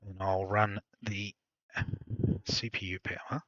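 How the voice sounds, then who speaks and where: Australian man, low, casual, mutters to himself, muffled close mic. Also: little pitch movement, takes it slowly, sharp tone, no room sound. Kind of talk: casual chat while building a PC.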